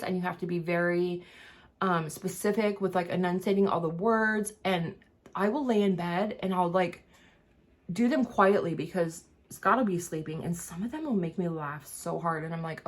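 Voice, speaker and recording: A woman on the low side of the pitch range chats at a measured pace, vlogging casually as she gets ready. She wanders from thought to thought with many fillers and restarts, finding it a little hard to enunciate.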